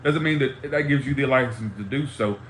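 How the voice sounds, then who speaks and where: A man's voice: medium pitch, a little fast, a little hiss or hum. A man in an angry, profane ranting monologue, heated and repetitive, talking to a live stream audience. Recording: roomy echo, faint ambience.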